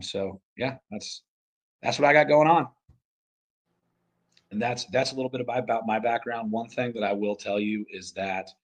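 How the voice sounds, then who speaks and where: A man's voice: fairly low pitch, poor audio. A man leading a team project on a casual group voice chat, blunt and swearing freely. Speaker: project lead on a crypto call.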